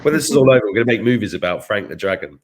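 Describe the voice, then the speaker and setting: A man's voice: on the low side, expressive, racing. A man hosting a casual chat, joking and enthusiastic, often repeating himself. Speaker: host.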